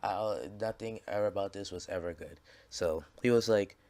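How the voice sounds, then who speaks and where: A man's voice: low voice, normal speed, a little mellow. A man casually telling a story over gameplay, rambling and swearing, with lots of fillers and restarts. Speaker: gaming channel creator.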